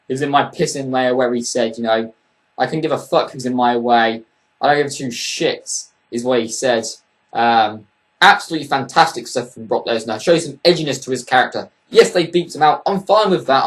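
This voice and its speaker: A man giving a casual, opinionated wrestling review, blunt and profane. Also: a little high.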